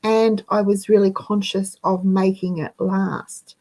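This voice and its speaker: She talks slowly in a warm, medium-pitched voice with a flat delivery, captured on a rough recording. As host of a casual live chat, she's chatty, out of breath, and reads out comments from viewers while addressing her audience.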